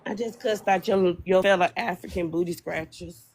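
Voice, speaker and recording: A live-stream guest who tells a story bluntly and with animation. The voice sits in a middle pitch and talks in a casual, everyday way. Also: fairly even intonation, normal speed, slight background noise.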